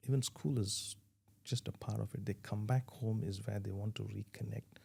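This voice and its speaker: A parenting guest gives earnest, conversational interview answers, restarting his sentences as he works through his advice. His voice sits on the low side, steady and mellow, with vocal fry and a breathy edge, and he speaks at a moderate pace.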